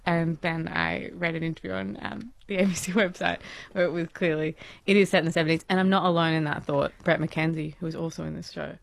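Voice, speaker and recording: A woman co-hosting a casual chat about TV, rattling quickly through her asides. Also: fairly low pitch, creaky. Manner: chatty, rushes through asides. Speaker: podcast co-host.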